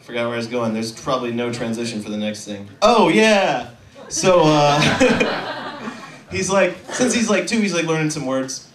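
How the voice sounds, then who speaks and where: A man's voice: fairly high pitch, very animated, a bit bright. Twenties guy doing standup, rambly and self-mocking, lots of uhs, echoey and kinda far from the mic. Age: 20s. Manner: rambling, self-deprecating, halting with fillers. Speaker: stand-up comedian. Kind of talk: stand-up set.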